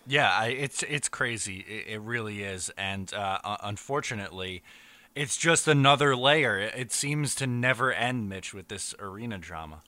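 A man's voice: lowish voice, animated, moderate pace, bright, forceful tone, no room sound. A man hosting a casual chat in a laid-back way, with fireworks popping outside. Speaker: podcast host.

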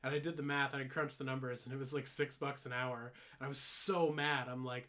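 Speaking briskly with hardly any pauses, a young man co-hosting a podcast uses a medium-pitched, pushed, bright voice with little pitch movement. He casually rambles through a long story, saying "like" a lot, laughing and swearing freely.

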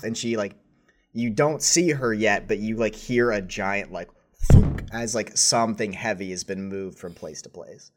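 Game master, male, fairly low voice, loose narration full of fillers. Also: unhurried. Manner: casual, rambling, many fillers.

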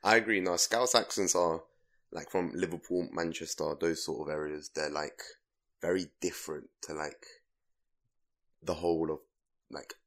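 A man's voice: a bass voice, fairly even intonation, normal speed, fairly bright tone. A young man with a London accent, co-hosting a podcast in casual, blunt and teasing chat full of "like". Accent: London English. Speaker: podcast co-host.

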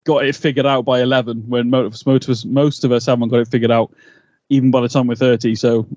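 A man, co-hosting a podcast and rambling through his thoughts in an animated way, laughing a lot. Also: medium pitch, fast talker, dry recording. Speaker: podcast co-host. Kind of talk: casual episode recap chat. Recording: slightly dull, dry mic sound.

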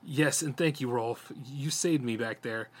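Guy reading a calm doctor, measured, kinda shaken, storybook read. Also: medium pitch, natural voice. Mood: earnest.

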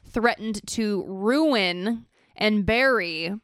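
A woman's voice: medium pitch, drawn-out words, no room sound, clean studio sound. A woman co-hosting a political podcast, chatting in a wry, conversational way. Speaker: podcast co-host. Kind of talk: political commentary chat.

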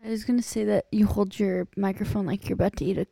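A woman's voice: medium pitch, steady tone, fast, vocal fry, mellow, no room sound. A young woman co-hosting a casual podcast, playful and teasing, often laughing. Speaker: podcast co-host. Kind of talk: casual chat.

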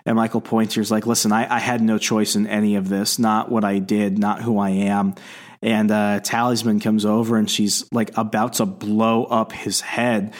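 A man's voice: lowish voice, little pitch movement, moderate pace. A man on a podcast, casually retelling a comic issue, quoting the characters in his own voice and laughing now and then. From Canada. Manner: casual, quotes characters in plain voice, laughs often. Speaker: podcast co-host recapping comics.

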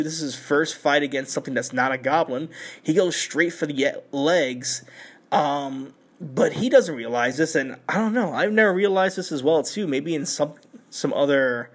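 A man on a podcast, excitedly recapping an anime episode in slangy, profane casual talk with lots of filler words. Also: mid-range voice. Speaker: podcast host.

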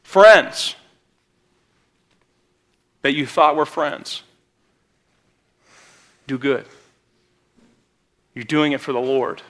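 Bright-voiced youth pastor preaching. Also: male voice, medium pitch, very slow, pauses often. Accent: Midwestern American. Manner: conversational storytelling with sudden emphatic rises. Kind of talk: sermon. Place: church sanctuary.

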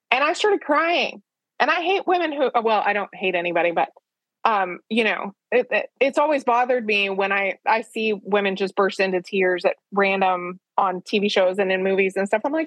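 A woman guest speaks at a middling pitch, frank and self-deprecating. She tells her story in a conversational way with quick asides. The recording is dry with no room sound. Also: fairly bright tone, dry recording. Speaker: author, interview guest.

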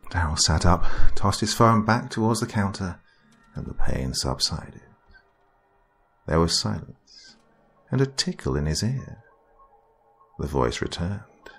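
A man reading a horror story as narrator in a slow, dramatic storytelling manner. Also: low-pitched, breathy edge.

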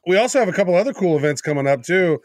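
A man's voice: high-pitched, lively intonation, no echo, clean studio sound. A man guesting on a podcast, talking casually and teasing his co-host as he tells of upcoming trips. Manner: quick, teasing storyteller.

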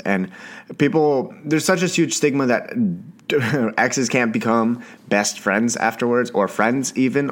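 A young man from Canada hosting a solo podcast in a casual chatty way, talking fast, stumbling over words and swearing now and then. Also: medium pitch. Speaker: podcast host.

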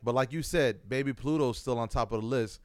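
Smooth-voiced young man in casual chat. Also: mid-range voice, brisk, darkish tone, dry recording. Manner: loose, profane, laughs often. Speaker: podcast co-host.

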